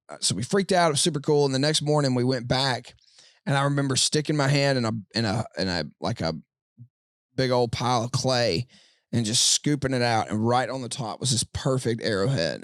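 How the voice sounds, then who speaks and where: A man's voice: medium pitch, no echo, studio quality. A man from Mississippi, a podcast guest telling a long story in a loose, rambling way full of fillers, recorded inside a tour bus. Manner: rambling, lots of "like" and "dude". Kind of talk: casual storytelling.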